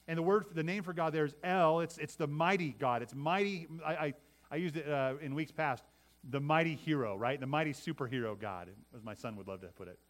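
Fairly high-voiced man preaching. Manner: repeats words, varies loudness for emphasis, talks to the congregation. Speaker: pastor. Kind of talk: sermon.

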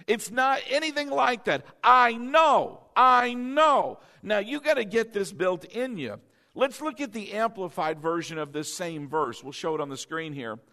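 A man's voice: high-pitched, fairly bright tone. A man preaching a sermon to a congregation, stressing and repeating key phrases. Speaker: pastor.

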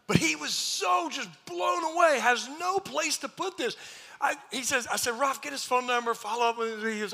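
A man preaching a sermon, telling a story with jokes, now and then shouting, then dropping to a hushed near-whisper. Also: sits high, creaky. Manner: animated joking storyteller, bursts into shouts. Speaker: pastor.

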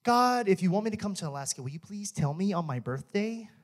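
Young male minister, high voice, lively joking testimony with frequent laughs. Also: a little fast. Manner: animated, joking, laughs often. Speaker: church minister. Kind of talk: testimony sermon. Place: church.

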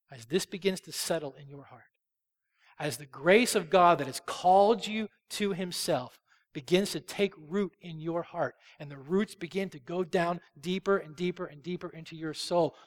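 A man preaching a sermon. He swells loud on key phrases, then drops soft. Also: fairly high pitch, moderate pace, in a large hall. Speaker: pastor. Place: church sanctuary.

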